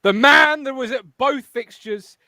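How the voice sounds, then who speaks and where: A man's voice: very high voice, a little slow, bright, forceful tone, no room sound. A man hosting a casual fan podcast over a video call, teasing and joking with his co-hosts. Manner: jokey, teasing presenter. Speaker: podcast host.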